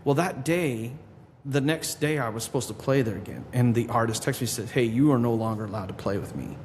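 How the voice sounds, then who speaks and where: A man telling a story in a casual podcast chat, at a middle pitch, quoting the people he talks about. His voice trails off into a long reverb, with a faint hiss behind it. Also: a little fast. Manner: animated storyteller, quotes people in his own voice. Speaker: podcast guest, drummer.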